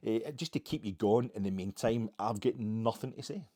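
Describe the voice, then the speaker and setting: Low-voiced rambling Scottish man. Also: normal speed, mellow, slight background noise. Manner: rambling, self-mocking, wry. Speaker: podcast host. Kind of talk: casual monologue.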